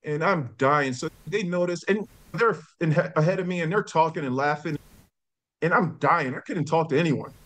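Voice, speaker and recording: Casting note: middle-aged New man, slightly higher voice, a lively guest who acts out the lines of the people in his stories. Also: moderate pace. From New York. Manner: animated storyteller who acts out quotes. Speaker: guest, former college football player. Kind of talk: casual storytelling.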